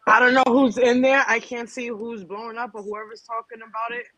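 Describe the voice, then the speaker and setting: A man on a live panel, quick and pointed, pressing with questions. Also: very high-pitched, level tone, sharp tone, no echo, low-quality recording. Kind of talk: casual chat on a live panel.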